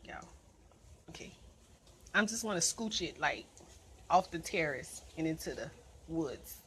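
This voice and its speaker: A woman's voice: low voice, animated, unhurried, long pauses, fairly bright tone, a little hiss or hum. A woman vlogging on her outdoor balcony. She talks to her viewers in a jittery, nervous way, often murmuring under her breath and then letting out sudden yelps. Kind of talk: casual vlog talk to viewers.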